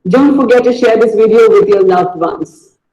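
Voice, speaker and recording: A man teaching pronunciation in a video lesson, deliberately saying each word and repeating it as a drill. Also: high-pitched, mellow, echoey room, highs cut off.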